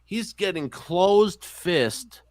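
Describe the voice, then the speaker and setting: A man's voice: high-pitched, very slow, no echo. A man on a podcast telling childhood stories in casual chat, cursing often and acting out the people in his stories. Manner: profane, animated storyteller. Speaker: podcast host.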